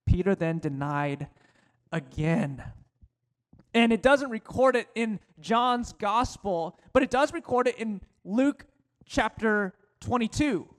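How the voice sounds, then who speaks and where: A male pastor preaching a sermon, slowing down to stress key phrases. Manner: preaching with slowed, emphatic phrases and dropping to a low voice for quotes.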